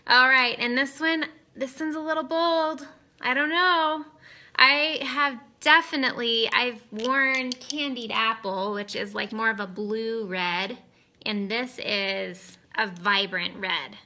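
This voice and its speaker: A woman's voice: fairly high pitch, steady tone, slow, sharp tone. A woman in her thirties chatting casually on a live stream, giggly and rambling off on tangents. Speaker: cosmetics seller streaming live. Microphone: webcam or phone on camera.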